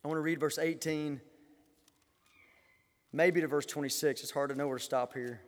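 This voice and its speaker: A man preaching a sermon as pastor, impassioned, swinging from loud declarations to quiet asides and often repeating words. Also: fairly high pitch, steady tone, moderate pace. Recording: reverberant hall.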